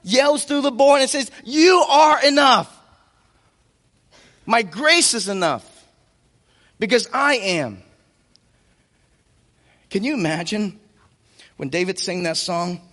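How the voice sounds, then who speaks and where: A man with a very high voice preaches an impassioned sermon, leaning into key phrases by slowing right down. His voice rings out with long reverb, as in a large church hall. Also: lively intonation, a bit bright. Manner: impassioned preaching with emphatic slow-downs.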